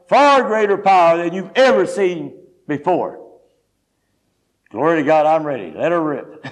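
Male preacher, high-pitched, folksy animated testimony. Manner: folksy, animated storytelling with quoted speech. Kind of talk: sermon testimony storytelling.

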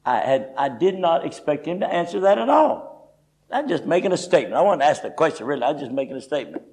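A man's voice: on the high side, very animated, fast talker, a little mellow, poor audio. Folksy, emphatic male preacher. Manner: emphatic, folksy, frequent "you know". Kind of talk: conversational sermon.

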